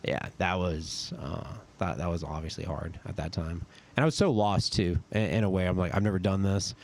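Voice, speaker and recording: A young man, a podcast guest and army sergeant, telling stories in a relaxed, casual way, full of "dude" and "like.". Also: sits low, normal speed. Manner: laid-back, says "dude" and "like" a lot. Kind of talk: casual storytelling chat.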